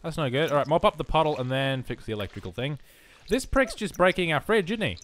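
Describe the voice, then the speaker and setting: A man's voice: fairly high pitch, very animated, fast, fairly bright tone, slight background noise. A man giving rambling, self-mocking let's play commentary alone in his room, full of jokey asides. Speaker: gaming commentator.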